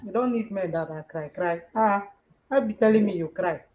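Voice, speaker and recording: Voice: medium pitch, moderate pace. A co-host joins a livestream chat, asking questions and teasing the host. The voice comes through echoey and a little muffled, like lo-fi call audio.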